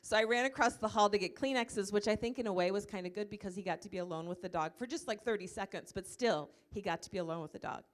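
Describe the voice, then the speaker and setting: A woman's voice: medium pitch, quick pace, hardly any pauses. A woman leading a church ministry, telling a story to a group in a loose, chatty way, with many fillers. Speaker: church ministry leader presenting a comfort dog. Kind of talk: informal presentation to a church group. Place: church meeting room, live audience.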